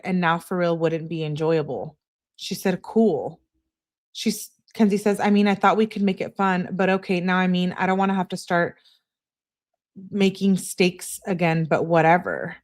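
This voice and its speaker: A woman hosting a true crime channel, reading text messages aloud in a plain way and spelling out abbreviations letter by letter. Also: fairly low pitch.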